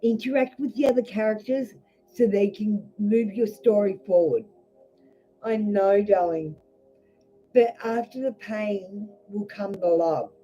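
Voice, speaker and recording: A woman's voice: medium pitch, unhurried, mellow, faint music behind. A woman with an Australian accent giving a blunt live tarot reading and swearing freely. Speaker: tarot reader. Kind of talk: live-streamed card reading. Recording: dull lo-fi stream audio.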